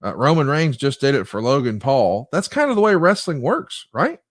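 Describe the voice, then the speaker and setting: A man's voice: medium pitch, moderate pace, no room sound. Man recapping matches on a podcast. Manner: lively, recapping in a storytelling way. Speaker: podcast co-host. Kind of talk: casual podcast chat.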